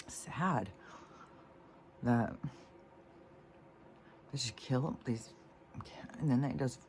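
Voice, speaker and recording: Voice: medium pitch, a little hiss or hum. Rambling, indignant casual vlogger. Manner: meandering, with frequent fillers and restarts; indignant and disgusted, swearing freely.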